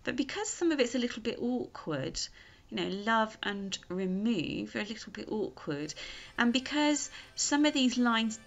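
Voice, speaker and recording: A woman's voice: a little high, expressive, normal speed, vocal fry, muffled recording. A woman with an English accent, teaching a recorded school lesson and explaining patiently step by step, with frequent fillers.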